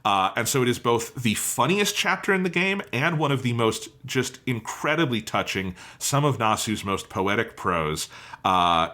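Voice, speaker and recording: Enthusiastic man with a bright voice. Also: medium pitch, animated, moderate pace. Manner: enthusiastic, swears casually, laughs often. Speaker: podcast co-host. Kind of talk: casual review chat.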